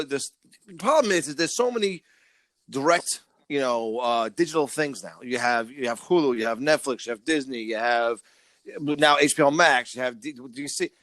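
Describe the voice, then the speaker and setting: A man's voice: mid-range voice, lively intonation, moderate pace, fairly bright tone, no echo. A man co-hosting a casual podcast, ranting with lots of swearing and stammering on restarts. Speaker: podcast co-host.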